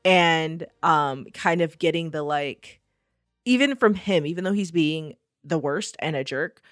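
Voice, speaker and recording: A woman's voice: deep voice, a little slow, no room sound, clean studio sound, faint music behind. A woman co-hosting a podcast in casual chat. She talks animatedly, laughs often and acts out quotes. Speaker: podcast co-host.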